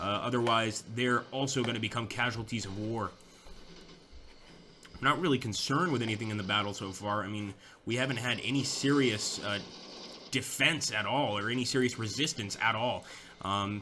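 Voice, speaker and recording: A man's voice: mid-range voice, pushed and bright, slight background noise. A young man giving casual, chatty commentary over a strategy war game, thinking aloud with fillers and restarts. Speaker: gameplay commentator.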